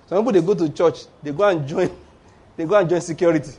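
Pastor guy preaching, high voice, kinda husky, really emphatic. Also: fast, a little mellow. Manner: emphatic, exhorting with tag words like "oh". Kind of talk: sermon.

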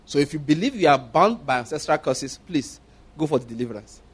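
High-voiced emphatic preacher man. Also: animated, fairly quick, breathy edge. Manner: emphatic, repeats phrases, rhetorical questions. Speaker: pastor. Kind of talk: sermon.

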